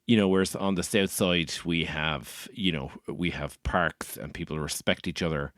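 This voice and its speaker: A man's voice: deep voice, fairly even intonation, normal speed, a bit bright, no room sound, clean studio sound. A man with a Dublin Irish accent, a comedian hosting his podcast, rambling on in a wry, self-mocking way. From Ireland. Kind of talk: comic podcast monologue.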